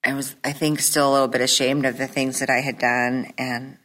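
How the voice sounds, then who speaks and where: A middle-aged woman with a very deep voice gives a personal testimony at a support meeting. She speaks hesitantly, filling pauses with ums and restarting her sentences. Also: little pitch movement, a bit bright. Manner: hesitant, many fillers and restarts. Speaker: recovery meeting member sharing.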